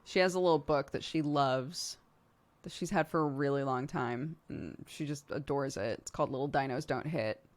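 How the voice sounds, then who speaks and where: Chatty streamer lady with a really low voice, laughs a lot, swears casually. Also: normal speed, darkish tone. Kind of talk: casual chat answering viewer questions.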